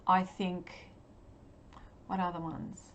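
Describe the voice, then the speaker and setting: A woman's voice: on the low side, little pitch movement, takes it slowly, a little hiss or hum. Chatty Australian woman full of ums. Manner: chatty and hesitant, many ums, laughs often. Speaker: livestream artist. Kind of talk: casual livestream chat while painting.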